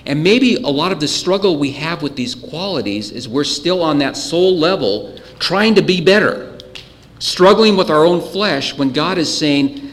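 A man preaching a sermon earnestly, clearing his throat often, his voice a little choked up. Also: a little high, lively intonation, measured pace, in a large hall. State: voice getting choked up. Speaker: pastor.

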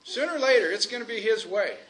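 Guy preaching a sermon, high bright voice, chatty, keeps asking the room questions. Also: expressive. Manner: conversational, asks the congregation questions; stretches out key phrases slowly for emphasis.

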